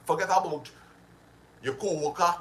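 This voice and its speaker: A man's voice: high-pitched, moderate pace. A man hosting a casual motivational live stream. He repeats himself and breaks off to greet his viewers. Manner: animated, repetitive, drifts into greeting viewers.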